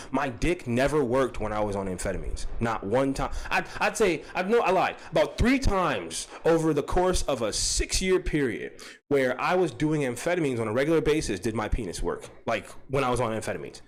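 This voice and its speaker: A man's voice: mid-range voice, sing-song, fairly quick, rough recording. A man hosting a casual livestream, talking in loose, profane, self-mocking banter with frequent restarts. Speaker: livestream host.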